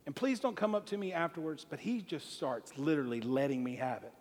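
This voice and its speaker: A man speaking to a congregation, telling a comic story in a lively way and laughing along as he goes. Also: on the high side, a little fast, in a large hall. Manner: animated, laughs through his own story. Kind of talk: comedic storytelling sermon.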